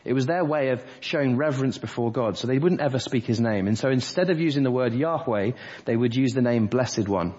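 A man's voice: medium pitch, a little fast, hardly any pauses, a little mellow, slightly rough. A man preaching an earnest sermon in a church, walking through scripture verse by verse. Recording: dull lo-fi church audio with long reverb.

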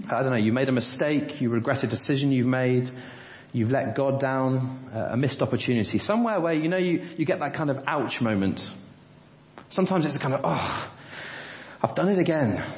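Preacher in a roomy church. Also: male voice, mid-range voice, darkish tone. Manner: storytelling, rhetorical questions, varies pace. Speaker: pastor. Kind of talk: sermon. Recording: roomy, dull church recording.

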